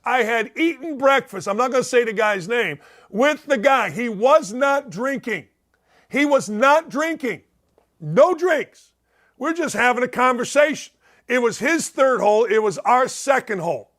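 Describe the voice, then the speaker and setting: A man hosting a sports talk show, telling rambling stories with excitement and repeating himself. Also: extremely high pitch.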